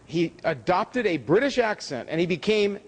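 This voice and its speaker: A man giving a public lecture with slides, emphatic, with pitch rising on key words. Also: animated, moderate pace. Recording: hall reverb from a lecture room.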